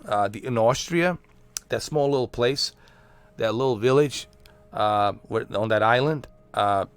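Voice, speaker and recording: A man's voice: mid-range voice, a bit bright, smooth, dry recording. Rambling man chatting on stream. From Bosnia. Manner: rambling, filler-heavy, profane. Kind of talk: casual stream chat.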